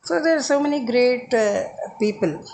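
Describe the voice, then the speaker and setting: A woman giving a reflective spoken talk, hesitant and pausing often on filler sounds. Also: fairly high pitch, animated, gravelly, a little mellow, slight background noise, poor audio. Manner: hesitant, with frequent filler pauses. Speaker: speaker giving a short talk.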